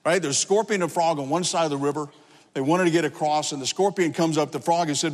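High-voiced earnest preacher in a hall. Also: male voice, fast. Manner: earnest, emphatic, repeats phrases. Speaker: pastor. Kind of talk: sermon.

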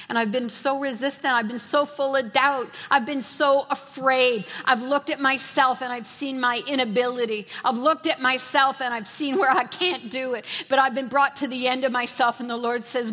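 A woman preacher with a high, slightly bright voice delivers a fervent sermon at normal speed with hardly any pauses, repeating phrases to drive her points home. Her words ring out with the long, lingering reverb of a large hall, like a big church sanctuary.

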